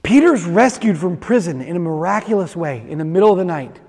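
A man's voice: high-pitched, expressive, a little fast, a little mellow. A man preaching a sermon, retelling a story with acted-out voices and then speaking directly to the congregation. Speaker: pastor. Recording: long reverb of a large hall.

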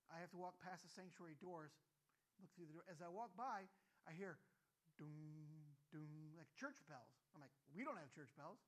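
A man preaching a sermon as pastor, telling a story in a conversational way with many asides and sudden loud exclamations. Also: on the high side, moderate pace. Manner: animated, acts out scenes with sudden loud exclamations.

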